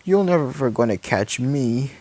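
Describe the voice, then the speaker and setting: A man's voice: medium pitch, lively intonation, unhurried, warm tone, dry recording, pitched above the performer's own voice. A man voicing a boastful, sneaky male reptile villain in a home-read fan story. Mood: gloating.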